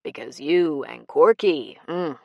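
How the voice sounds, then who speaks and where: A woman voicing an adult male con man whose smooth charm turns cold and menacing, in an audiobook. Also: low voice, lively intonation, slow pace, mellow, no room sound, lo-fi sound, exaggerated voice. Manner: fake charm turning cold and cruel.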